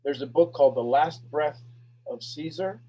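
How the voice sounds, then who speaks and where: Energetic preacher-style host, husky. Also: male voice, a little high, normal speed, muffled recording. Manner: energetic and preachy, repeats questions, swings between loud bursts and hushed lines. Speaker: host of a motivational talk show. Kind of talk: live motivational talk to an online audience.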